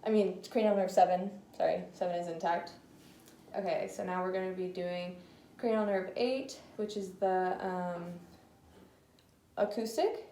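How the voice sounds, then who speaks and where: A woman's voice: on the low side, fairly even intonation, measured pace, dark tone. A woman talking through a clinical nerve exam in a hesitant way, with many fillers, in an echoey room. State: slightly out of breath. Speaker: student doing a clinical neuro exam. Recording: echoey room, faint noise.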